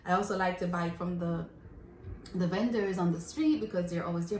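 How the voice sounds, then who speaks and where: Lively Jamaican woman reminiscing, echoey room. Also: lowish voice, brisk. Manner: animated, laughing, reminiscing storyteller. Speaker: vlogger. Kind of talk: casual chat. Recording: echoey room, faint noise.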